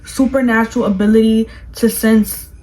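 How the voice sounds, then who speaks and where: Woman vlogger gushing in casual chat, kinda high voice, like every other word. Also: normal speed, poor audio. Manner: gushing, animated, fills speech with "like". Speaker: vlogger reviewing a movie.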